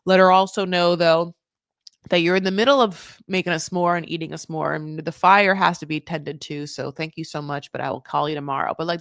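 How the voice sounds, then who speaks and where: A woman hosting a casual recap show, talking in an animated, gossipy way with sudden jumps in pitch and loudness, dropping "honey" and "like" all the time. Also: no room sound, studio quality. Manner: says "honey" and "like" often. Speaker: podcast host recapping a reality show. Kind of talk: casual commentary.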